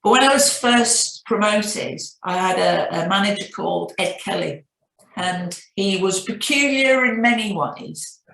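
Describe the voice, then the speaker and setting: A middle-aged woman with a Northern English accent recalls her career in a reflective, storytelling way, often restarting her sentences. Her voice sits at a moderate pitch, and the room around her is noticeably echoey. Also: a little slow, creaky, fairly bright tone. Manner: reflective, anecdotal, frequent restarts. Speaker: CEO guest. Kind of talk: business interview.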